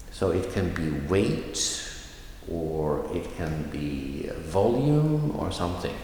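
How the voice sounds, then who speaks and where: A man teaching a recorded pronunciation lesson, speaking slowly and carefully and repeating example phrases. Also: deep voice, a little hiss or hum. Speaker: language teacher. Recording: echoey room with long reverb.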